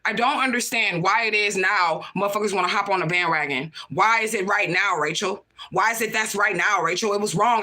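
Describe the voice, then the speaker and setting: A woman livestream host rants at her viewers, heated, profane and confrontational, repeating her points. Her voice is mid-range with a sharp tone.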